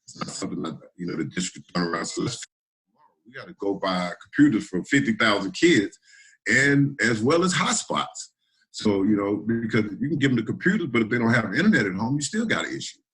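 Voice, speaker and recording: A man's voice: lowish voice, animated, brisk, fairly bright tone, breathy edge, rough recording. A man, a middle school principal, talking earnestly and informally in a panel discussion over a video call, often repeating words as he goes.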